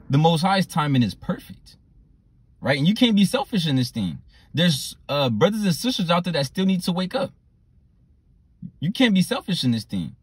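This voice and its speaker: A man preaching a sermon, repeating "right?" and "you know" often and reading scripture slowly. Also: a little high, a little mellow, slightly rough, dry recording. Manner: slow drawn-out scripture reading.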